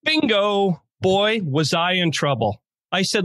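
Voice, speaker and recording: A man's voice: high-pitched, animated, slow, a bit bright, no room sound. A man co-hosting a podcast, telling jokey stories in a playful, casual way. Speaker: podcast co-host.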